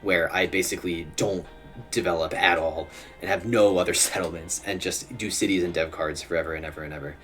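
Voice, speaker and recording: A man's voice: deep voice, steady tone, brisk, fairly bright tone. A young man streaming, giving casual commentary while he plays, muttering to himself and chuckling often. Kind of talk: casual live gameplay commentary. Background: faint music.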